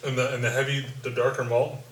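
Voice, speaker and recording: A man in casual podcast chat as co-host, joking and trailing off quietly at the ends of his sentences. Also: mid-range voice, flat delivery, fast, slight background noise. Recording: echoey room, mic at a distance.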